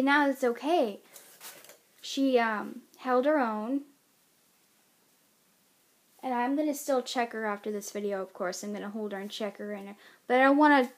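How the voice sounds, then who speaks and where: Woman pet vlogger, sounds like a kid, a bit high-pitched, rambles and scolds her pets. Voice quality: childlike-sounding voice. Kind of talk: casual pet vlog chat.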